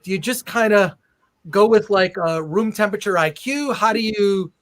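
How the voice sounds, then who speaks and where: A man's voice: high-pitched, moderate pace. A man hosting the interview, asking rambling, joking questions. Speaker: host. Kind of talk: casual interview.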